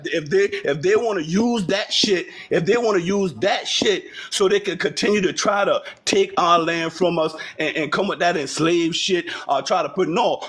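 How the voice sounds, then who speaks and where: A man's voice: high-pitched, fairly bright tone, slightly rough. A man from Charleston, South Carolina with a Geechee accent, calling in to a livestream and talking bluntly and profanely in a rambling way. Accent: Geechee, South Carolina Lowcountry. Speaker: caller. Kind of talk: heated livestream call-in.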